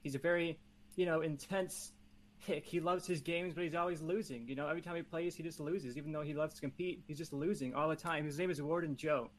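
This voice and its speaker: A man pitching a movie idea on a casual podcast, playful and competitive, rambling through his ideas. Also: steady tone, fairly quick. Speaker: podcast panelist. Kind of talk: casual chat.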